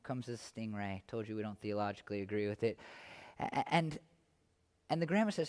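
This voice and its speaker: Chatty pastor preaching in an echoing hall. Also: male voice, lowish voice, lively intonation, a little fast, long pauses. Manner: chatty and self-deprecating, building to loud impassioned stretches. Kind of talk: sermon. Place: church sanctuary.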